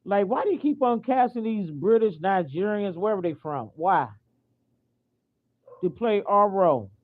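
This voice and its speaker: An American woman rants indignantly in a casual vlog, repeating herself and stopping and restarting sentences with lots of fillers. Her voice is medium-pitched and expressive at a moderate pace, and the audio sounds tinny, like a phone.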